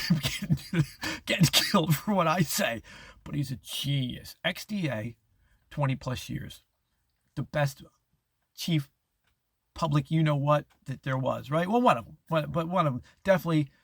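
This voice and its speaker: A man's voice: fairly high pitch, normal speed, vocal fry, no echo, studio quality. A middle-aged man hosting a casual monologue, rambling with restarts and chuckling as he acts out quoted voices. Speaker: host.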